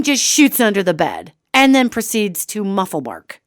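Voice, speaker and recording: Lively woman hosting a radio show. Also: mid-range voice, moderate pace, no room sound, studio quality. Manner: expressive, casual, acts out quotes. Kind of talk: animated storytelling monologue.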